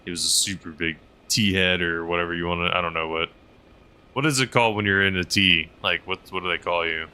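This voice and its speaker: Deep-voiced, bright-toned male streamer. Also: fairly even intonation, a little fast, clean tone. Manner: rambling, filler-heavy, reads chat aloud. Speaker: game streamer and helicopter pilot. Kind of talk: casual livestream chat while playing.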